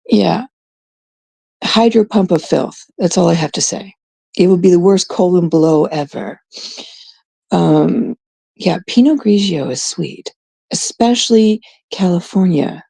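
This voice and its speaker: A woman's voice: on the low side, creaky, dark tone, husky, no echo. A woman from Canada chatting in a blunt, profane, rambling way, full of fillers, telling a story as a vlogger. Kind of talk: casual storytelling rant.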